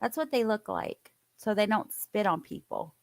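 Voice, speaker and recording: A woman's voice: medium pitch, very animated, normal speed, creaky, no echo, clean studio sound. A woman giving casual joking commentary on police footage. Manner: joking, laughing asides.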